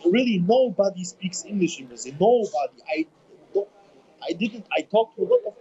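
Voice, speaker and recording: A man in his twenties with a German accent, a bodybuilder speaking English as a second language in a casual interview, halting and repeating words as he searches for them. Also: high-pitched, animated, mellow. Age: 20s. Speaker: bodybuilder guest. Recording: dull lo-fi remote audio.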